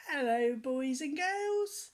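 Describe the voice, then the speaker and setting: Lady playing a big round jolly egg clown, high bouncy and loud. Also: animated, slow. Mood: cheery.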